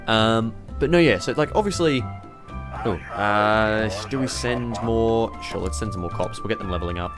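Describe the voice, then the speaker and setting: A man giving let's play commentary, thinking aloud in a rambling way and swearing casually. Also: medium pitch. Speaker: gamer playing a police management game.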